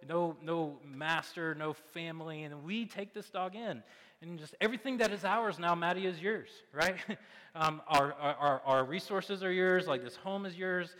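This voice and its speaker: Animated man preaching in a reverberant hall. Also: fairly high pitch. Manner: conversational and animated, with many fillers and asides. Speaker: pastor. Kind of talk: sermon.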